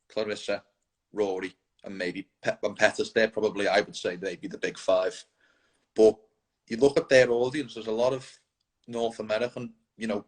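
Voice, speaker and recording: A man's voice: fairly low pitch, rough recording. A man interviewing a fighter, asking long, friendly questions with frequent restarts. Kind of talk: casual interview.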